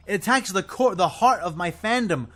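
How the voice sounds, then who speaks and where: Man, ranting alone, exasperated, high pitched, wildly varied intonation. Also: lively intonation, normal speed, a bit bright, soft background music. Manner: exasperated, swearing, high and swooping. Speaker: video creator ranting about a show. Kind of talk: impassioned solo rant.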